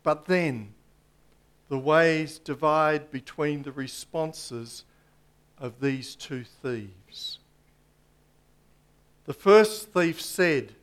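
A man delivers a sermon in a fairly high voice. He takes his time, weighing each phrase with long pauses, and often sinks to a hush at the end of a point. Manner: slow, emphatic preaching with dramatic pauses and drops to a hush. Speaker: preacher.

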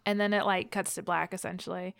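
A young woman co-hosting a casual podcast, retelling a book's plot with frequent laughter and animated storytelling. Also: lowish voice, a little fast, creaky, clear, resonant tone. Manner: giggly, animated storytelling with acted quotes. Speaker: podcast co-host recapping a book. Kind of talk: casual chat.

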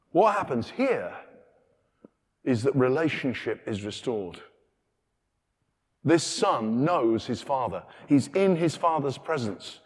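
A middle-aged British man preaching a sermon in a church, animated and acting out the characters' lines. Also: on the high side. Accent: British English. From Britain. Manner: animated, acts out dialogue with changing voices. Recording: long reverb of a church hall.

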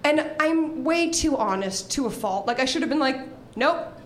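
A woman's voice: sits high, moderate pace, a little hiss or hum. A young woman telling a funny story on a live stage, laughing and acting out her own screams as she goes. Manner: animated, laughing, acts out screams. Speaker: storyteller guest. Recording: roomy live venue with crowd. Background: audience.

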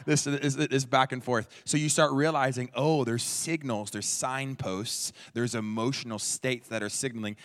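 At a church hall, a man gives an interactive teaching talk in a conversational style, repeating answers from the audience. His medium-pitched voice moves at a moderate pace with hardly any pauses, and long hall reverb colors the audio.

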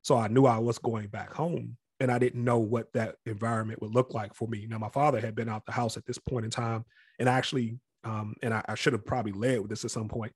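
This is a man talking in a relaxed interview, reflective and candid about his past, with a mid-range voice. He often slips into other people's voices to act out what they said. The recording sounds close and dry. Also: medium pitch, quick pace, slightly rough, no echo. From Capitol Heights area near Washington, D.C. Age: adult past college age. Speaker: interview guest. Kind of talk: casual storytelling interview.

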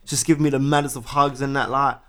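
A young man, telling a story from his own life in a relaxed conversation and acting out his reactions as he goes. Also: medium pitch, fast. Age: 20s. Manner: animated, acts out his own past reactions with slang fillers. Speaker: guest.

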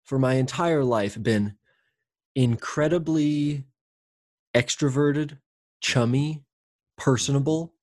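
A man's voice: medium pitch, takes it slowly, pauses often, a little mellow, no echo. Guy rambling candidly about his life, lots of likes and ums, dry close sound. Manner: rambling, candid, with frequent fillers and restarts; swears casually. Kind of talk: casual reflective conversation.

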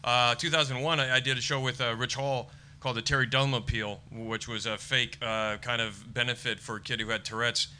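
An American comedian, middle-aged, telling lively anecdotes in a casual chat and acting out other people's lines. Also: male voice, medium pitch, brisk, a little hiss or hum. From United States. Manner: animated storyteller acting out quotes. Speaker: stand-up comedian guest.

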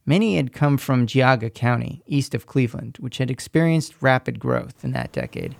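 A man reporting a radio news feature in a measured, scripted narration, recorded at a studio mic. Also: mid-range voice, wildly swooping pitch, vocal fry, slight background noise.

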